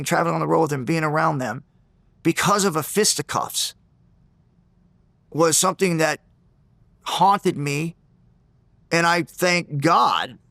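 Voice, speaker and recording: Animated man telling a fight story. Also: a little high, gravelly, no room sound. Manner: animated, acts out the people in his stories; restarts and repeats words. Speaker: interview guest. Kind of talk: interview storytelling.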